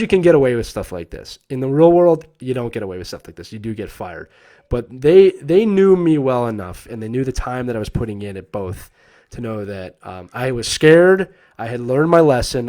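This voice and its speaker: A man in his thirties hosting a live stream, casually telling a personal story and acting out the voices of the people in it. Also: mid-range voice. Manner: animated, acts out quoted voices, laughs often.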